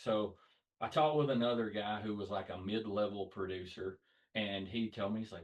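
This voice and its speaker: Southern man, podcast host, slightly low voice, anecdotal chat with quoted voices. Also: fairly even intonation, moderate pace, recorded from a distance, rough recording. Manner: storytelling, acts out quoted voices. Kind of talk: casual chat.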